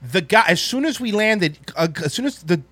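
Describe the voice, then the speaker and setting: A man tells a story in casual chat, his voice swinging widely and sounding bright and forceful. He rants with plenty of profanity and false starts. The sound is close and dry. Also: high-pitched, normal speed, dry recording. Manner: animated, profane ranting.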